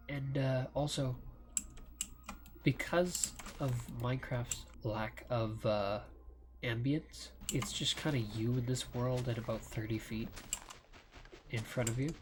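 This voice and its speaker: Guy doing a chill game commentary at home, slow and rambly, keyboard clacking loud. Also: medium pitch, background noise. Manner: slow, rambling, many fillers. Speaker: let's play gamer. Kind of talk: relaxed gameplay commentary. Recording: loud keyboard clicking throughout. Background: keyboard typing and clicks.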